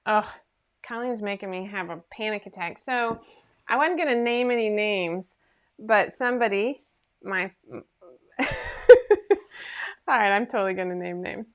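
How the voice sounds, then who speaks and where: A woman's voice: mid-range voice, a bit bright. A woman hosting a casual sewing livestream from her home sewing room, chatting in a rambling, self-deprecating way into her computer microphone.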